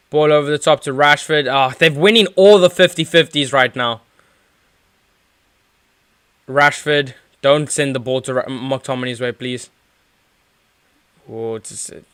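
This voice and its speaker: A man's voice: medium pitch, fairly bright tone, smooth, dry recording, studio quality. A man giving rambling live play-by-play as a football fan streamer, with lots of fillers and restarts. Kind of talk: live watchalong match commentary.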